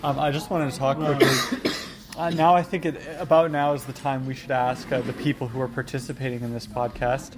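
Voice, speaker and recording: A young man hosting a casual podcast at a restaurant table. He rambles through his thoughts with frequent fillers, at a middle pitch. A loud room of diners chatters behind him. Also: little pitch movement, a little fast, a loud crowd. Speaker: podcast host. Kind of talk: casual chat. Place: Korean restaurant.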